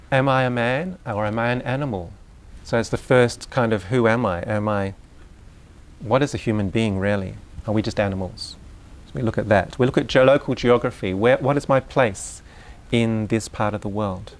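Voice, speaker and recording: A man giving a live lecture on education, talking in a conversational, unhurried way with asides and questions put to the audience. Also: mid-range voice.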